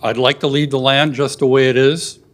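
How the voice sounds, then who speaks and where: An older man giving a public comment at a city meeting, earnest and halting, getting emotional at times. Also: mid-range voice, level tone. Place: city council chamber.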